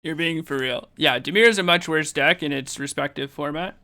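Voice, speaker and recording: A male streamer answering his chat while playing a card game, quick and argumentative. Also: fairly high pitch, sharp tone.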